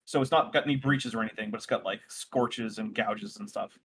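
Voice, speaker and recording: A man running a tabletop role-playing game, narrating scenes and rules in a relaxed, rambling way, often correcting himself. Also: fairly low pitch, a little fast, breathy edge. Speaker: game master.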